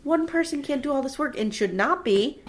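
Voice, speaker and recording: A woman casually co-hosting a podcast, recapping a TV episode with animated storytelling and acted-out quotes. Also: sits high, normal speed. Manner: animated storytelling, acts out quotes, laughs often. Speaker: podcast co-host recapping a TV show. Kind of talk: casual chat.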